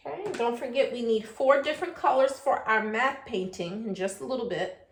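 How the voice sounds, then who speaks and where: A woman's voice: fairly high pitch, moderate pace, slight background noise. A woman teaching a virtual preschool class, sounding out letters in a sing-song, coaxing way and asking the children questions. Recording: echoey room.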